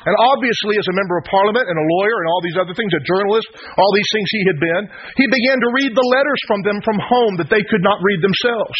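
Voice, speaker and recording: Man preaching, brisk and high-pitched, conversational storyteller on a muffled recording. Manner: retelling a story with quoted speech, conversational. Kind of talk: sermon storytelling. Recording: dull lo-fi sound with faint noise.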